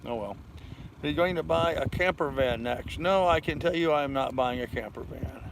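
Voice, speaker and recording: An older man hosting a relaxed livestream from his sailboat in a harbor, rambling easily and reading viewer comments aloud. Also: a little high, normal speed, creaky, noisy background. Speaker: vlog host. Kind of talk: casual livestream chat.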